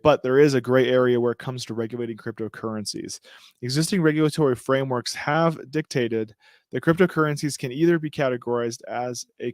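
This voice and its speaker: A man's voice: mid-range voice, dry recording, clean studio sound. A man co-hosting a casual podcast, reading news aloud with slangy jokes and cheerfully stumbling over his words. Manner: joking, slangy, trips over words and laughs it off. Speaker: podcast co-host.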